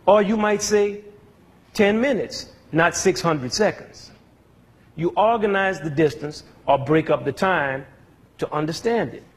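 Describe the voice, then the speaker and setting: Husky-voiced man teaching music to kids. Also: a little high, unhurried. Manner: explains step by step, asks the audience questions. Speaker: music educator. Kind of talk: educational talk to a young audience.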